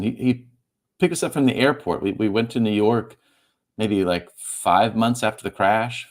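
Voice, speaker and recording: Low-voiced man, halting and heartfelt. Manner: halting, repeats words, stumbles through fillers; laughs softly mid-sentence while talking. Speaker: author and guest. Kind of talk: emotional conversational interview.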